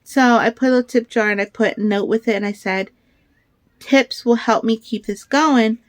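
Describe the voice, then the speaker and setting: A woman in her thirties chatting casually in a crafting vlog, rambling and excitable, with bursts of animated storytelling. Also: on the high side, normal speed, no echo. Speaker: crafter vlogger.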